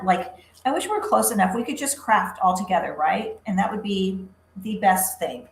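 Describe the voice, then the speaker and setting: A chatty woman hosts a casual live craft demo and greets viewers by name as she works. Her voice sits at a middle pitch and carries the echo of a roomy room with faint ambience behind it. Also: animated, moderate pace, slight background noise. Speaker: craft livestream host.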